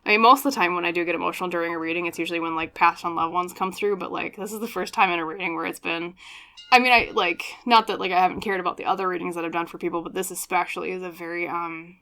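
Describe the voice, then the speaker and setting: A woman talks through a pick-a-card tarot reading in a sincere, chatty way, often stopping to check in or apologize. Her voice is bright and somewhat forceful, and it sits a little low for a woman. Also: fairly even intonation, rapid-fire. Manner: earnest and apologetic, openly emotional. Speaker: tarot reader.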